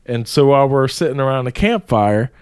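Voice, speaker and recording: A man's voice: medium pitch, a little fast, clean tone, dry recording, clean studio sound. Profane man spinning a wild story. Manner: profane, animated storytelling with frequent swearing. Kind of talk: casual storytelling chat.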